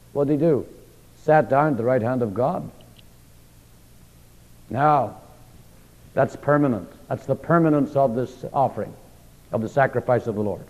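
A man preaches a sermon in a slightly high voice, throwing questions at his listeners and repeating key words for emphasis. The recording is dull and muffled, with a long reverb from a large hall. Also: a little mellow. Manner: call-and-response questions, emphatic repetition.

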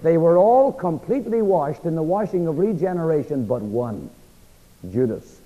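Male preacher, higher voice, conversational sermon with rhetorical questions, reverberant hall, muffled old recording. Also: animated, normal speed. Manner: asks the congregation rhetorical fill-in questions; conversational, acts out quoted speech. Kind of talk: sermon, Bible exposition. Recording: echoey hall, dull lo-fi sound.

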